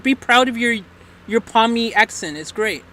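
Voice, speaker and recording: Casting: livestream host, man, high and bright voice, loose rambling chat, playful. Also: expressive, normal speed, slight background noise.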